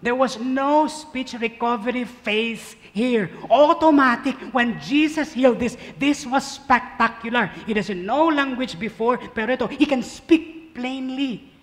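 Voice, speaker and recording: A man delivers a sermon in a high voice, swinging from loud emphasis to hushed asides. He reads scripture slowly and deliberately, drawing out the words with the congregation. His voice rings with a long reverb, as if he is preaching in a church hall. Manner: slow, drawn-out scripture reading with the congregation. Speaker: pastor.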